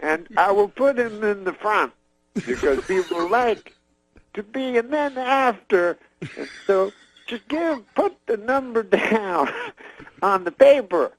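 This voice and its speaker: A man impersonating an older male comedian who talks in halting, clipped half-sentences. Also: high-pitched, lively intonation, no echo, pitched above the performer's own voice, full character voice. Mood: grand.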